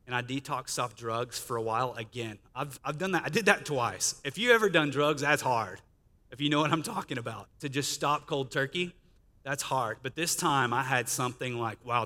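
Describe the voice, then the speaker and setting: A man's voice: mid-range voice, bright, forceful tone. A man telling his life testimony as a guest speaker, storytelling in a chatty way with quoted dialogue. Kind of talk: testimony sermon. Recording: reverberant church hall.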